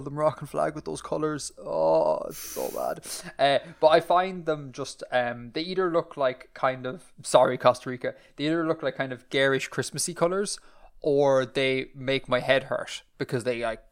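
A man with an Irish accent co-hosting a podcast, rambling and self-deprecating as he chats. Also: mid-range voice. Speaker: podcast co-host. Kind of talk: casual chat.

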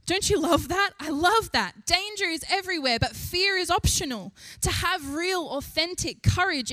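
A young woman preaching a sermon in an animated way, lifting her voice to stress each point. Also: sits high, no echo. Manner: animated, rising with emphasis, laughs between points.

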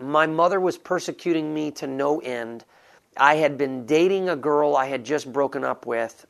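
Brief: earnest male preacher telling his testimony, slightly high voice, gravelly edge. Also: fairly bright tone. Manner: earnest, storytelling, direct to listeners. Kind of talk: sermon-style personal testimony.

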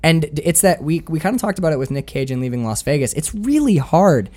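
Animated man in casual film chat. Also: a little high, fast talker. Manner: animated, swears, acts out quoted lines. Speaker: podcast co-host.

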